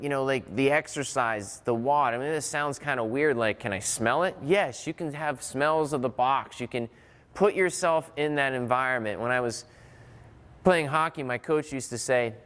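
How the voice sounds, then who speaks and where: A man's voice: medium pitch, a little slow, fairly bright tone, clean tone, in a large hall. A man giving a conversational motivational talk on mental training, often restarting phrases and working through examples. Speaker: motivational speaker.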